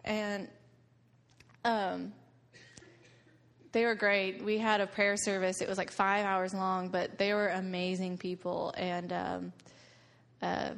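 A woman's voice: medium pitch, level tone, slow pace, creaky, long pauses, a bit bright. A young woman giving a slideshow talk to a group about a mission trip, telling stories and laughing often. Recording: long reverb of a hall.

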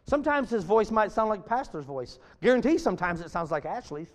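A high-strung man preaching a sermon to a congregation, swinging from loud bursts to hushed, near-whispered lines. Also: lively intonation, fairly quick, long reverb tail.

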